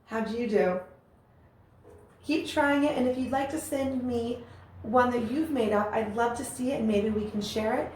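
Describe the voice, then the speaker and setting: A woman's voice: a little high, normal speed, darkish tone. A woman teaching a music lesson, explaining rhythms and chanting rhythm syllables aloud with encouragement. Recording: very echoey room with faint ambient noise.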